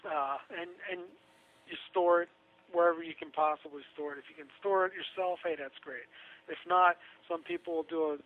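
A man's voice: fairly high pitch, steady tone, fairly quick. A man talking casually on a radio show, chatty and sarcastic, laughing through his own asides. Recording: tinny phone line.

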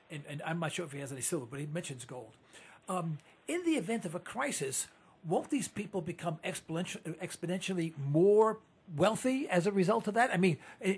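A man's voice: on the high side, slightly rough. A man hosting a radio interview, hesitant with many fillers and frequent agreement.

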